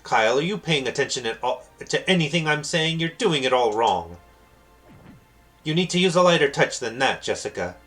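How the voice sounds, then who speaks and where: A man's voice: mid-range voice, lively intonation, normal speed, fairly bright tone, faint music behind, lightly acted. A man doing a haughty young mage. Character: vain, pompous young male mage.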